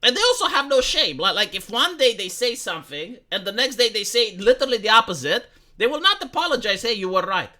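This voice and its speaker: A man's voice: very high-pitched, sing-song, fairly quick, pushed and bright. A man from Romania giving an opinionated political monologue to his viewers, ranting with frequent restarts. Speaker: political commentator streamer.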